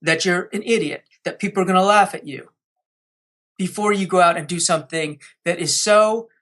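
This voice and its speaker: A man's voice: sits high, moderate pace, fairly bright tone. A man speaking as a podcast guest, coaching listeners with energy and acting out quotes. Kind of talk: podcast interview.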